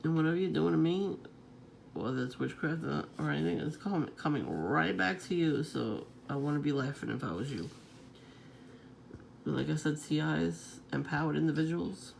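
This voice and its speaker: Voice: mid-range voice, animated, normal speed, creaky, slight background noise. A vlogger talking in a casual, rambling monologue, swearing freely and chuckling often.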